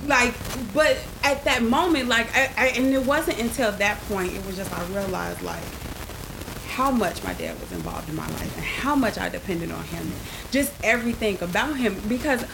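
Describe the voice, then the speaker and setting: A woman recounts a story in casual chat, animated and loose, with plenty of "like" and "you know." Her voice sits at an ordinary middle pitch. A steady hiss like rain runs under the recording. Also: moderate pace, creaky. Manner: animated, acts out quoted dialogue with lots of fillers. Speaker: podcast co-host.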